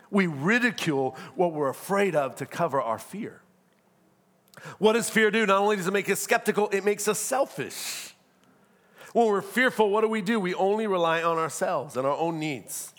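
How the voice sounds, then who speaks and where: A pastor, preaching a sermon with humor and acted-out asides. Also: male voice, high-pitched, fairly bright tone.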